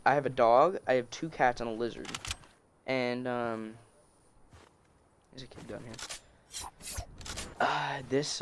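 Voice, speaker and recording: A young man tells a story casually into his phone, rambling and restarting his sentences as he goes. His voice sits at an ordinary pitch for a man. Clear clicking noises run under the recording. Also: slight background noise. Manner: rambling, many restarts and fillers. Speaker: storytelling vlogger. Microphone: phone screen recording.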